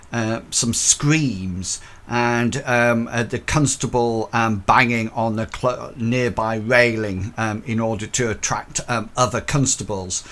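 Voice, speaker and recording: Male game master, hesitant, lots of ums, bright clear voice. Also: mid-range voice. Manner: hesitant, full of fillers. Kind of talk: narrating a tabletop game.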